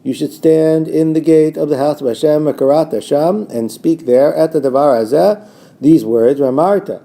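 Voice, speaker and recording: A male teacher giving a recorded lesson on a biblical text, reading Hebrew verses slowly and translating them line by line. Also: vocal fry, mellow. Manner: rises in pitch when quoting the false prophets' words.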